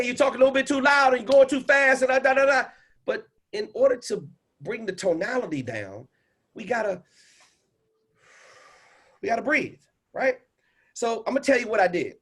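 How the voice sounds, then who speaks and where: A man coaching a caller on a livestream. He is animated and instructive and swings between loud and hushed delivery. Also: fairly high pitch, slightly rough. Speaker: speaking coach and host.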